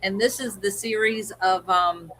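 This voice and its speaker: A woman's voice: medium pitch, steady tone, a little slow, sharp tone, a little hiss or hum, low-quality recording. Chatty middle-aged woman telling stories. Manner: chatty storyteller, acts out family quotes. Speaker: co-host of a livestream. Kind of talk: casual chat.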